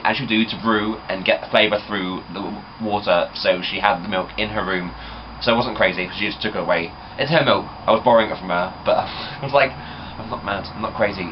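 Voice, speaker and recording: A young man from England, chatting casually and rambling to camera. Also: medium pitch. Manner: chatty, rambling, many fillers. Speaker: vlogger. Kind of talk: casual vlog chat. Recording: dull camera audio with background noise.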